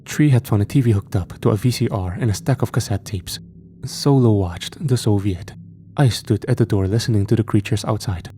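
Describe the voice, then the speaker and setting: A man narrating a first-person horror story in a measured, steady way. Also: lowish voice, a little hiss or hum.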